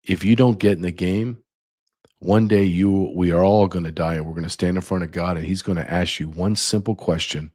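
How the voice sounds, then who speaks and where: A man hosting his podcast, speaking plainly and earnestly, building to forceful warnings. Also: sits low, moderate pace, no room sound, clean studio sound. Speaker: podcast host. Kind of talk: opinionated podcast commentary.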